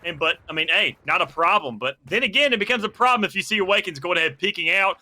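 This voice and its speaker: Rapid, very bright-voiced male analyst. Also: high-pitched, expressive. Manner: long rapid analytical run-on explanations. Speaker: esports color commentator. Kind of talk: live analytical commentary.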